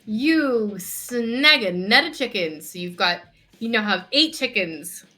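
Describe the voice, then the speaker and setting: A woman narrating as game master of a live tabletop game, chatty and quick to correct herself. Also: fairly high pitch, expressive, sharp tone, faint music behind. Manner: chatty, self-correcting, laughs often.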